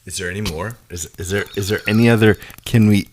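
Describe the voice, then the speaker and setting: A man co-hosting a podcast in casual chat, easygoing and quick to laugh, with plenty of fillers. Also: on the low side, a little mellow, a little hiss or hum. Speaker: podcast co-host.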